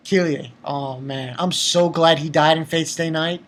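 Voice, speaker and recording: A man's voice: fairly high pitch, lively intonation, normal speed, few pauses, pushed and bright. A man giving a casual spoken review of an anime episode, emotional and profane, often stumbling and restarting his words.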